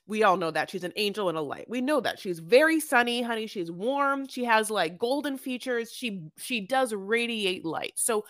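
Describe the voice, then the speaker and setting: A woman's voice: fairly high pitch, a bit bright, no room sound, studio quality. A woman co-hosting a podcast, chatting casually and sassily, calling people "honey" and swearing freely as she goes off on tangents. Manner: sassy, tangent-prone, peppers talk with "honey" and swearing. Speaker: podcast co-host. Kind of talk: casual reality-TV recap chat.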